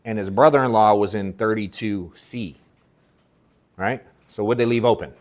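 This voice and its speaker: A man coaching a live workshop audience on sales, telling a story in casual, slangy, profane speech with animated acted-out quotes. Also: on the low side, normal speed. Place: event room at an in-person workshop.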